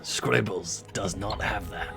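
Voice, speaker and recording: A man's voice: low voice, slow, creaky, loud music behind the voice. A man playing in a tabletop role-playing session, chatting casually in a wry, joking way. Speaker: player. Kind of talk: casual game chat.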